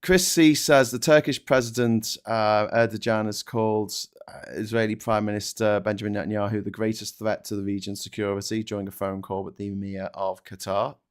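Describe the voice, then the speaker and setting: Sweary British man, lowish voice. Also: flat delivery, brisk, hardly any pauses, smooth. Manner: blunt, sweary, rambling with restarts. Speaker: co-host reading viewer comments. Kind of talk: casual live-stream chat.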